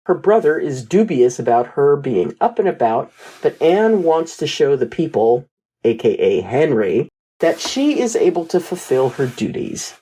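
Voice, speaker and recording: Husky low-voiced woman, laughing podcast co-host. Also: very animated, a little slow, dark tone, poor audio. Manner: laughs often, blunt casual swearing. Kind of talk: casual recap and commentary.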